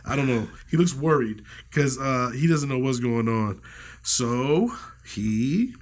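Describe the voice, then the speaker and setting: A man's voice: mid-range voice, expressive, slow. A man co-hosting a podcast in casual chat, playful and full of questions. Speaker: podcast co-host.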